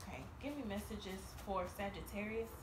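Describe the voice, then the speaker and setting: A woman's voice: mid-range voice, moderate pace, background noise. A woman giving a casual tarot reading to camera, chatty and profane, laughing often and tagging her lines with "okay?". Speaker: tarot reader. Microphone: camera mic.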